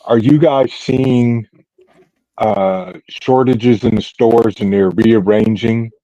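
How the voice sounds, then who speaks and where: A man's voice: mid-range voice, steady tone, slow pace, warm tone, no room sound. A man hosting a casual group chat over an online call, laid-back and putting questions to the group. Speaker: host. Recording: dull lo-fi call audio.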